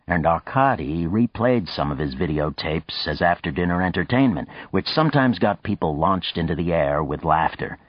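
A man narrating a novel in an audiobook with a measured, even storytelling manner and a muffled, dull sound. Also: low voice, husky, no echo. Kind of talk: scripted narration.

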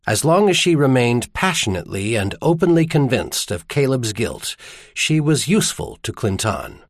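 Expressive male audiobook narrator. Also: mid-range voice, no room sound, clean studio sound. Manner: expressive, measured storytelling.

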